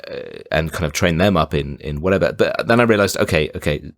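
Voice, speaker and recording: Deep-voiced man chatting casually. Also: fairly quick, no echo, studio quality. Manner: laid-back, hesitant, lots of fillers. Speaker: podcast co-host. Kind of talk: casual film review chat.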